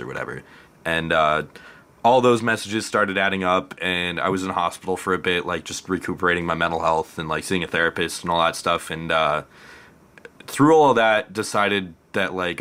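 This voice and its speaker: A man's voice: deep voice, normal speed, sharp tone. A man talking as a guest musician in a casual interview, laughing often and speaking openly about his past. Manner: laughs often, open and reflective.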